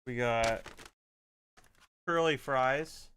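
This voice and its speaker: A man's voice: medium pitch, very slow, a bit bright, a little hiss or hum. A young man streaming games at home into a desk microphone, chatting casually and swearing often. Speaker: gaming streamer. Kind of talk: casual gameplay chat.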